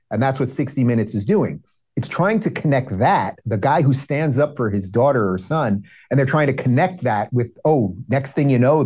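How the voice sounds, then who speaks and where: A man talking as a guest on a political show, with a mellow, dark tone to his voice. He sounds earnest and indignant, and he slips in dry jokes as he goes. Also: mid-range voice. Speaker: guest commentator. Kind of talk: political talk.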